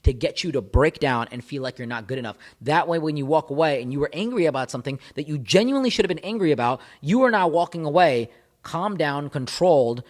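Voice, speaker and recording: A man's voice: a little high, animated, fast talker. A man giving relationship advice to camera as a coach, speaking emphatically, repeating phrases and building intensity. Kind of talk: direct-to-camera advice talk.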